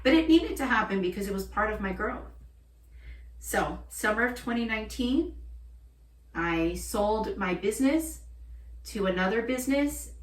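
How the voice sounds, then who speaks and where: A woman's voice: medium pitch, animated, normal speed, pauses often. A woman in her thirties from Florida, a shaman, telling her life story in a candid, emotional way and swearing freely. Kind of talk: personal storytelling vlog. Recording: roomy, distant from the mic.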